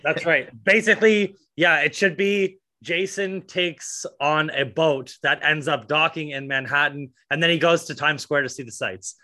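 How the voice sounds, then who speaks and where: Guy on a movie podcast, kinda high bright voice, rambly, says like a lot and swears. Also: normal speed, few pauses. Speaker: podcast co-host. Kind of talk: casual movie chat.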